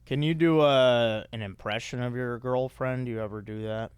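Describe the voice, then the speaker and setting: A man's voice: medium pitch, fairly even intonation, moderate pace, smooth, dry recording. A man hosting a podcast, chatting loosely and teasing his guest. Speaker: podcast host. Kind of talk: casual chat.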